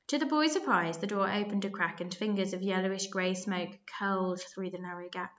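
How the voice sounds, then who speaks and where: A woman narrating a children's story aloud, lively and expressive, with small slips. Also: medium pitch, normal speed, few pauses, highs cut off.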